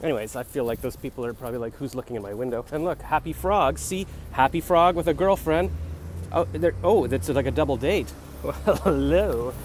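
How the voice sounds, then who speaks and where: A man's voice: a little high, lively intonation, a little fast, slight background noise. A young man rambling in a comic vlog outdoors on a city street, musing and free-associating, recorded on a handheld phone. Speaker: comedian vlogger.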